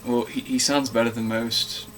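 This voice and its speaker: A man's voice: mid-range voice, moderate pace, slight background noise. Chatty sweary man reviewing films. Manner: chatty, swears freely, animated storytelling. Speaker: film review co-host. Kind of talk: casual chat.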